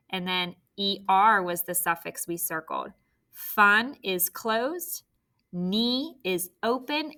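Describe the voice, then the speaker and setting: A woman's voice: medium pitch, pushed and bright. A woman teacher leading a spelling lesson, sounding out words letter by letter.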